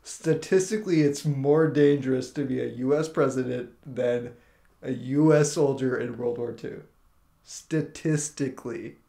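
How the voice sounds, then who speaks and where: A man's voice: mid-range voice, a little slow, creaky, roomy sound. A man co-hosting a podcast, playful and teasing, reeling off stats and jokes in casual chat. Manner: playful, teasing, speeds up when excited. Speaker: podcast co-host.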